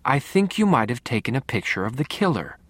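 A tough veteran policewoman, impatient and firm, giving orders in clipped phrases, as a male reader voices her. The delivery is animated and the recording dry and close. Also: mid-range voice, fairly quick, husky, no echo. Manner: clipped, commanding.

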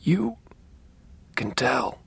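A man voicing a dying older man in pain, speaking in a weak, hoarse whisper. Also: medium pitch, very animated, extremely slow, full character voice. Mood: weak, strained. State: in pain, gasping.

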